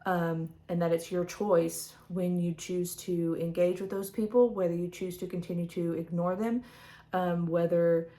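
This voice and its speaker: A woman's voice: on the low side, steady tone, a little slow. A woman vlogger chatting casually as she shows her tarot decks, rambling with lots of fillers. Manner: rambling, soft-spoken, many fillers.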